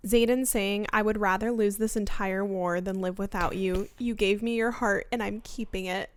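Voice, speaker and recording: A young woman co-hosting a casual book podcast, expressive and playful, swearing freely as she reacts. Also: mid-range voice, moderate pace. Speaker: podcast co-host. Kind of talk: casual book-discussion chat.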